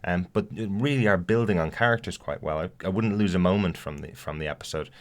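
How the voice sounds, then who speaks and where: A low-pitched man from outside the US speaks fast as he co-hosts a casual podcast chat about a TV episode. His delivery is hesitant, packed with fillers and restarts.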